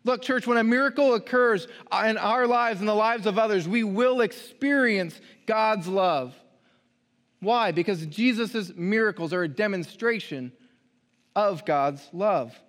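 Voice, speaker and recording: High-voiced pastor preaching in a reverberant church. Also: male voice, unhurried, fairly bright tone. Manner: emphatic preaching, reading scripture aloud. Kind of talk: sermon. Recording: long hall reverb.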